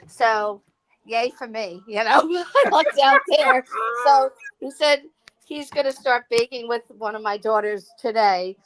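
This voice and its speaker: Mulher tagarela e risonha, voz aguda. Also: female voice, fairly high pitch, expressive, a little slow. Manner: chatty, laughing, with fillers. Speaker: guest caller. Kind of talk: casual chat.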